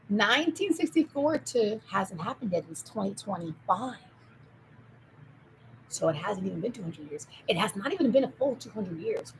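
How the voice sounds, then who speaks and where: A woman in a rambling solo monologue who jumps between topics, swears, and swings from loud outbursts to low mutters. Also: gravelly, slight background noise, rough recording.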